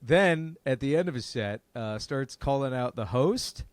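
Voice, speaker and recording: A man, a comedian and podcast co-host, telling a profane story in lively casual chat. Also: medium pitch, a little slow, no echo. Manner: animated, profane, acts out other people's lines.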